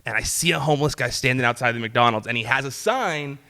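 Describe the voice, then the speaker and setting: A man, a guest in an interview, telling a story in an animated, casual way, laughing often and saying "like" a lot. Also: medium pitch, fast talker. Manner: animated, laughs often while telling stories, peppers talk with "like". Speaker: interview guest, news reporter. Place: talk show studio set.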